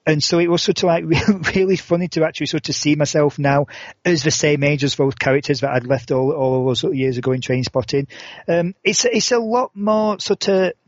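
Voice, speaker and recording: A man's voice: a little high, fairly quick, no room sound. A man in his forties co-hosting a podcast in casual chat, rambling through restarts and fillers with a dry, sarcastic humor. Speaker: podcast co-host. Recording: dull lo-fi sound.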